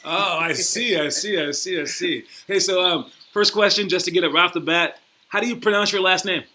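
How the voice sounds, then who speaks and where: A young adult man hosts a basketball show as its coach, talking in a high, fairly quick voice with a bright, forceful tone. His casual motivational talk and interview ramble along, full of repeated "all right?" checks, as he teases his guest and laughs easily.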